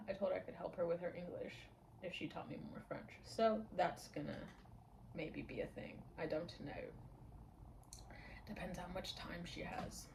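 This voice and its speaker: A woman's voice: fairly low pitch, creaky, background noise. A woman in her twenties chatting casually to camera at home, rambling, laughing often and dropping into half-whispers. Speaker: vlogger.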